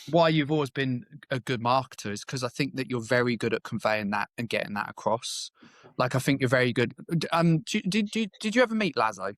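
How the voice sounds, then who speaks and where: A man's voice: mid-range voice, animated, brisk, a bit bright, no room sound. Frank male business coach, dry close sound. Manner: frank, conversational, swears. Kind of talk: casual interview chat.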